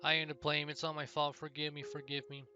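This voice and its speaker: A man's voice: medium pitch, steady tone, normal speed, muffled recording, over music, lightly acted. A man voicing a grieving, confused old knight who rambles and pleads. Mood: anguished.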